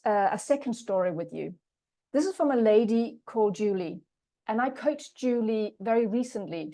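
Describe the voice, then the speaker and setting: A woman's voice: on the high side, dark tone. A middle-aged woman coach giving a talk, earnestly telling coaching stories and acting out the conversations with her clients. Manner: earnest, re-enacts dialogue with clients. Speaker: leadership coach and speaker.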